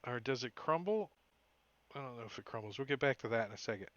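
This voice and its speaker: A man's voice: mid-range voice, animated, quick pace, fairly bright tone, no room sound. A man narrating as game master of a tabletop game, rambling with many fillers and restarts. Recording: dull lo-fi audio.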